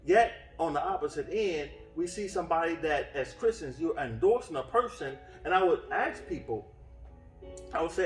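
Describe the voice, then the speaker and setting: A man's voice: a little high, lively intonation, moderate pace. A man preaching a sermon in an earnest way, often restarting his phrases, heard from some distance in a roomy space with faint music behind. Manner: earnest, with frequent restarts and fillers. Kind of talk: sermon teaching. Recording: roomy echo from off-mic.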